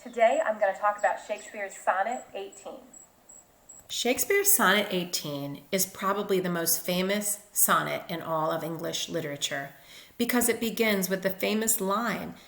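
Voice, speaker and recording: A woman's voice: lowish voice, gravelly, fairly bright tone, echoey room. A woman literature teacher explaining step by step over slides in a recorded lecture. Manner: methodical, explanatory.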